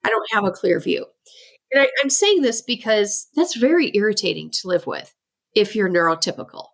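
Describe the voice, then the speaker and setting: A woman guest expert on a parenting interview, talking in a lively way, often laughing and acting out the voices of people she quotes. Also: medium pitch, normal speed, creaky. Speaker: guest expert, ADHD coach. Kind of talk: animated interview talk.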